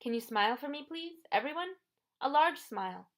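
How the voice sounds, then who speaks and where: A woman's voice: high-pitched, animated, normal speed, voice pushed up. A woman voicing a monstrous old woman in an audiobook, speaking in a soothing, coaxing purr. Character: Medusa, ancient female monster posing as a sweet old lady. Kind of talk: audiobook character voice.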